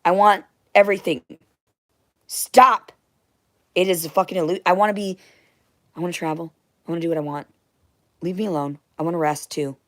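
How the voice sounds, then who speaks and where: A young woman in a rambling, emotional monologue, blunt and profane, jumping between loud outbursts and hushed whispers. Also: lowish voice, fairly even intonation, quick pace, pauses often, dry recording. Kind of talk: rambling monologue to unseen listeners.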